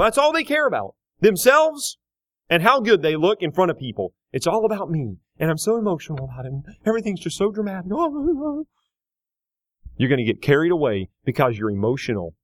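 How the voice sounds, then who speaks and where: A man preaching a sermon, emphatic, building to loud repeated questions. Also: on the high side, no echo.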